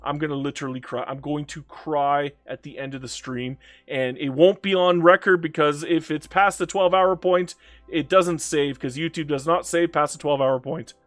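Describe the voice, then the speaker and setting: A man's voice: on the high side, fairly even intonation, moderate pace, no echo, soft background music. A man giving casual live-stream commentary on a strategy game, chatty and swearing, talking back to the game and to chat.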